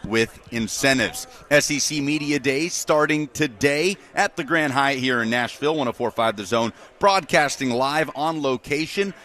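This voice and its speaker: Crisp radio news anchor. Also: male voice, medium pitch, moderate pace, few pauses, pushed and bright. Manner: crisp, formal newsreading. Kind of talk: scripted radio news update.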